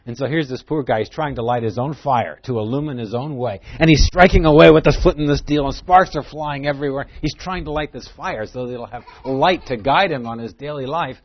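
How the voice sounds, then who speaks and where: A man's voice: mid-range voice, brisk, hardly any pauses, no echo, muffled recording. Man preaching a Bible lesson, dry sound. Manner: reads scripture aloud, then explains it plainly; conversational, with rhetorical questions. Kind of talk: Bible teaching sermon.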